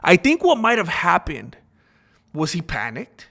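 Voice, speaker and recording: Animated man giving casual commentary. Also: high voice, a little slow, creaky. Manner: animated, repetitive, acts out quoted voices. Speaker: commentary channel host.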